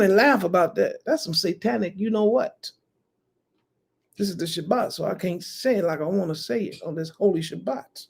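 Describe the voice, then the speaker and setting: A preacher giving a Sabbath sermon, talking slowly and emphatically, swinging from loud outbursts to hushed asides. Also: medium pitch, gravelly.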